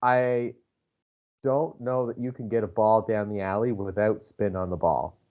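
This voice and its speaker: A man's voice: on the low side, fairly even intonation, a little slow, phone-quality sound. A man co-hosting a podcast, goofy and sarcastic, often laughing. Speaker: podcast co-host. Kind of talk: casual banter.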